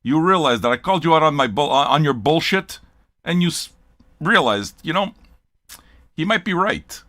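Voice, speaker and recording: Older guy cursing his way through a stream rant, bright voice, bouncing all over in pitch. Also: lively intonation, moderate pace, no room sound, studio quality. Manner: profane, blunt, rambling. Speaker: host of a record-listening show. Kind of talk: casual livestream rant.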